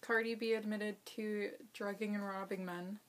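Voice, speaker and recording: A young woman, co-hosting a casual reaction chat and giving calm, short agreeing replies. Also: mid-range voice, moderate pace.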